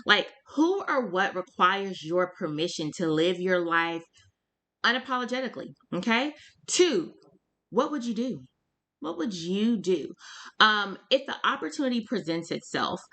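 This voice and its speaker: A woman's voice: mid-range voice, sharp tone. A woman co-hosting a podcast in casual chat, talking straight to listeners with emphatic rhetorical questions. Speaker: podcast co-host.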